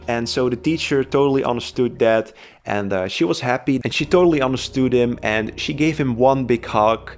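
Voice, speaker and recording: A man's voice: mid-range voice, normal speed, faint music behind. A man casually narrating a storytime video in a loose, chatty way with everyday fillers. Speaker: storytime YouTuber.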